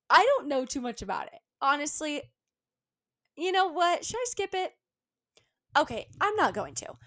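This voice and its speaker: Chatty young woman podcaster, higher voice. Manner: chatty, filler-heavy, animated rants. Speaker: podcast host. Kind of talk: casual solo podcast monologue.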